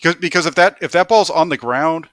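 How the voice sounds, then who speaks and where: A man's voice: on the high side, a little fast, fairly bright tone, no room sound, clean studio sound. A man who co-hosts a football film review, walking through plays in detail and laughing often. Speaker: football analyst.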